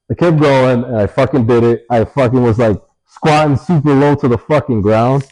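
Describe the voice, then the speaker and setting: A young man telling stories in a relaxed interview, swearing often and leaning on fillers. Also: mid-range voice, a little fast, few pauses, rough recording. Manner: laid-back, swears a lot, many fillers. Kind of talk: casual storytelling in an interview.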